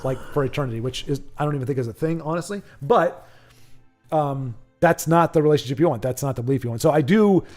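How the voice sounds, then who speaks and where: Young guy streaming, kinda high voice, rambles and restarts a lot, faint music behind. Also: fast talker, a little mellow. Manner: rambling, thinks aloud with many restarts, chats with viewers. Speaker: livestream host. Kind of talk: casual chat while streaming a card game.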